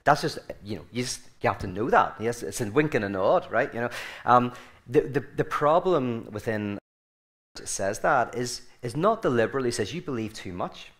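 A man's voice: medium pitch, animated, moderate pace, a bit bright. Irish man, guest speaker, casual and digressive, restarts a lot, humor-laced storytelling. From Ireland. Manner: rambling, self-correcting, joking. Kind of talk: informal talk to a group.

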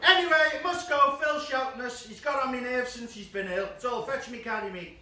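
A man's voice: extremely high pitch, a little fast, hardly any pauses, heavy reverb, heavy background noise. A man doing camp, gossipy, bawdy stand-up in character, laughing through his lines. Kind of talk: live stand-up character comedy. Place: small live comedy venue with audience. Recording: live theatre recording from a distance with loud crowd.

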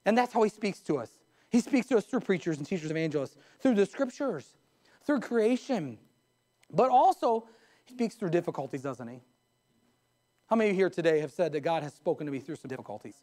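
A man's voice: high-pitched, expressive, fairly quick, dark tone. A pastor preaching a live sermon in his church, who often asks the congregation questions and tells stories to make his points.

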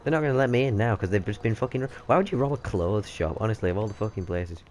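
A man's voice: fairly low pitch, expressive, very fast, darkish tone, a little hiss or hum. A man, swearing and joking constantly while commentating on his gameplay. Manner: sweary, joking, laughs often. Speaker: gaming channel host.

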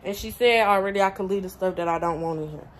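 Chatty woman vlogging over loud outdoor noise. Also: mid-range voice, fast. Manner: chatty, storytelling, addresses viewers as y'all. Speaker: family vlogger. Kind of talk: casual vlog chat to viewers. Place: storage unit, partly outdoors.

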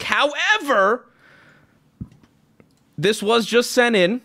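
Streaming live, a man chats casually with his chat and reacts to donations. His voice is high and his pace normal, but he gets loud and excitable, often breaking into shouts.

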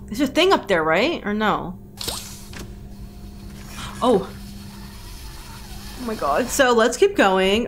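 A woman's voice: fairly high pitch, big pitch swings, takes it slowly, pauses often, slight background noise. A young woman streaming a horror game, panicky, repeating herself and swearing a lot. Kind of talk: live game commentary. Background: game music.

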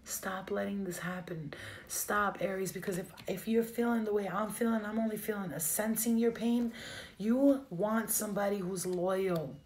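A woman's voice: medium pitch, moderate pace, a little mellow. A woman giving a live tarot reading, emotional and direct, speaking straight to her viewers. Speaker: tarot reader.

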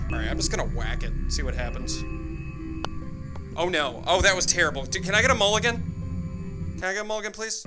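A young man giving casual, joking commentary on his own gameplay, excitable and talking to himself as he plays. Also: on the high side. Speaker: gaming YouTuber. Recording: game music playing underneath.

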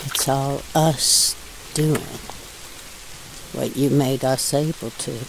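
Destitute woman ranting in a storm, slow and gravelly delivery, audio drama. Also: a bass voice, a little hiss or hum, exaggerated voice. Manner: furious ranting, drawling rural speech. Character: destitute older woman raging in the rain. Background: rain.

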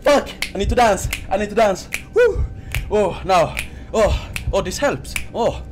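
Over music, a young horror-game let's player screams through his reactions, swearing and letting out nervous laughs while recording at home in front of a green screen. His voice is high and expressive at a measured pace.

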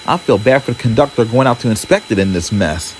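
A man voicing a calm, matter-of-fact male train driver. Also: mid-range voice, fast talker, slight background noise, natural voice, poor audio.

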